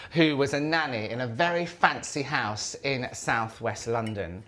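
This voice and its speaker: A man's voice: mid-range voice, a bit bright. A man chatting casually to camera as a lifestyle vlogger, effusive and chatty, in the kitchen of an old house.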